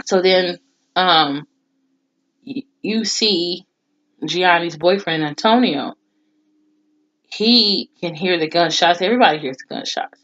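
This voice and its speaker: A woman casually recapping a TV episode in a blunt, expressive way, swearing freely. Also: fairly low pitch, takes it slowly, pauses often. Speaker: TV show reviewer. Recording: dull lo-fi recording.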